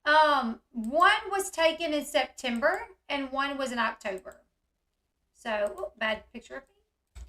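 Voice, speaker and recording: A woman hosting casual commentary on a video, talking in an animated way and acting out the yelling she describes. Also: high voice, unhurried, reverberant. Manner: animated, reacts loudly, acts out quoted yelling. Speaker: commentary host.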